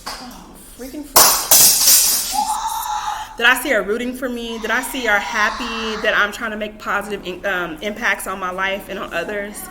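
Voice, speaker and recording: A woman's voice: medium pitch, steady tone, moderate pace, noisy background. A young adult woman giving casual, emphatic advice to camera in a vlog, repeating her points and talking to herself. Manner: repetitive, emphatic, self-talk asides. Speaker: vlogger.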